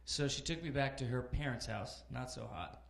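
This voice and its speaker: A man in his thirties doing a conversational stand-up set in a comedy club, animated storytelling with acted-out characters. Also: mid-range voice, normal speed, creaky, reverberant. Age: 30s. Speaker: stand-up comic.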